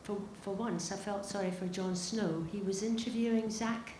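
A woman's voice: medium pitch, steady tone, normal speed, darkish tone, roomy sound, a little hiss or hum. A woman in the audience asking a question, chatty and hesitant with many fillers. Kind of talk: question from the floor.

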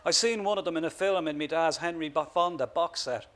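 A man's voice: a little high, fairly quick, fairly bright tone, natural voice. A man doing a dozy Dublin lad. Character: dim easygoing young Dublin lad.

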